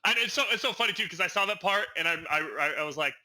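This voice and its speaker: Quick talking dude, super bright voice, animated storyteller. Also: male voice, high-pitched, poor audio. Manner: animated, acts out quotes in his storytelling. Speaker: podcast co-host. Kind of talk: casual chat.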